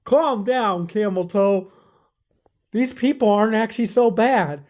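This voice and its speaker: A woman doing a grumpy, lonely thief shouting up high. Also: lively intonation, a little slow, lightly acted. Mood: sheepish. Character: grumpy lonely greedy man who hoards stolen things.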